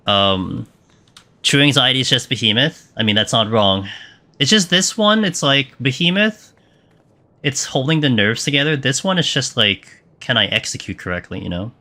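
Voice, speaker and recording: A man's voice: on the low side, pushed and bright. A young man streaming a game live, chatting casually and answering viewer questions with lots of fillers. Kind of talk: live gameplay commentary.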